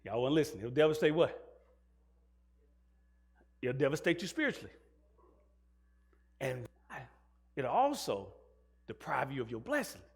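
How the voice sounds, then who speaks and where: A man's voice: medium pitch, sing-song, a little slow, long pauses, breathy edge. A male pastor preaching a sermon, asking the congregation questions and mixing in jokes. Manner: call-and-response questions to the congregation.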